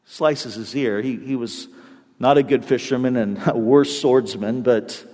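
A man's voice: mid-range voice, unhurried, big-room sound. A man preaching a sermon, telling a story with energy and acting out the quotes in different voices. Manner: animated storytelling, acts out quotes in shifting voices. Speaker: pastor.

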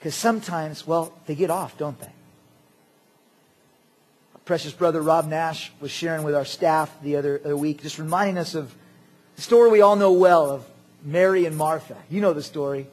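A man preaching a sermon as pastor, animated and jokey, swinging between loud outbursts and quiet asides. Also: a little high, normal speed.

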